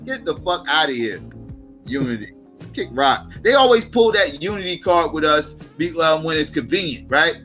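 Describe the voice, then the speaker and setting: A man hosting a casual livestream, his voice pitched high and bright over faint music. He rants with profanity and turns each story into mocking impressions of the people involved. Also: lively intonation, normal speed. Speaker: stream host.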